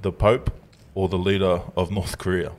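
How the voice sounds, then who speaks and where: Laid-back man with a low voice. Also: flat delivery, normal speed, a little hiss or hum. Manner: laid-back, laughs often, reads out listener questions. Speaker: podcast co-host. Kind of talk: casual chat.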